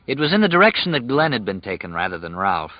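A man reading an audiobook as narrator in a measured, even storytelling manner. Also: fairly low pitch, no room sound, highs cut off. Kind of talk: scripted narration.

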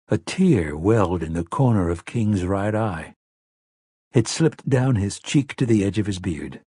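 Casting: male audiobook narrator, low and unhurried, close dry read. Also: mellow, slightly rough, dry recording. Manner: measured, unhurried storytelling. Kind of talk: scripted narration.

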